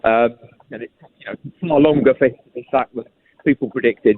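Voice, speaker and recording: A man talking fast down a tinny phone line as a guest on a sports radio show. He keeps restarting his sentences and repeating words as he builds his point. His voice sits at an ordinary middle pitch. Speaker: football journalist, guest.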